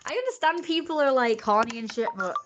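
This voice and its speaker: A young woman rambling through a casual livestream monologue into her phone, mock-grandiose, with sudden loud high-pitched outbursts. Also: lively intonation, quick pace, lo-fi sound.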